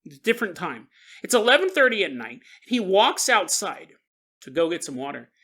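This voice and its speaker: Lively, bright-voiced male podcast host. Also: high-pitched, fairly quick. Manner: animated, laughing, jokes to the listener. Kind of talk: comedic paranormal storytelling.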